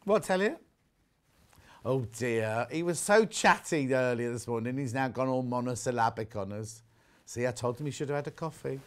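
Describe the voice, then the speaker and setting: A man's voice: medium pitch, expressive, moderate pace. An English man presenting live on a shopping channel, chatting away and reading viewer messages aloud. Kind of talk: live sales chat. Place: TV studio.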